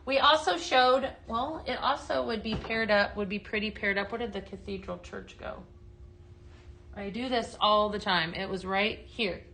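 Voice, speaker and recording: Bright, excited woman hosting a live sale. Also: fairly high pitch, a little hiss or hum, rough recording. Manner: excited, gushing, talks straight to viewers. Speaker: live-stream sales host. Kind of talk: chatty live product demo. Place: indoors, dimmed room.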